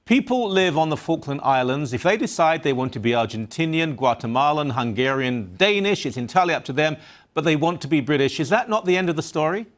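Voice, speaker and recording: A man's voice: a little high, lively intonation, a little fast. A man hosting a talk radio interview, asking assertive, opinionated questions. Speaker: radio talk show host.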